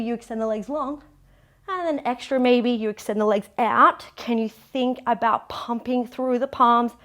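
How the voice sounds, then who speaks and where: A young woman leading a pilates workout, encouraging and counting down reps. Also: a little high. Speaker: pilates instructor. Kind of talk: guided workout instruction.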